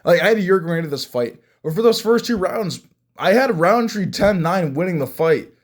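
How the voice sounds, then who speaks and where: A young man giving casual fight reaction commentary, excitable and rambling, with many restarts. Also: high-pitched, moderate pace. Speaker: MMA fan reviewing fights.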